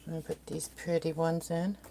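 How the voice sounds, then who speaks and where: A woman's voice: low voice, flat delivery, a little fast, creaky, mellow. A woman hosting a casual baking livestream, chatting and rambling to her viewers and her kitten in a home kitchen. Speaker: livestream host. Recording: noisy background.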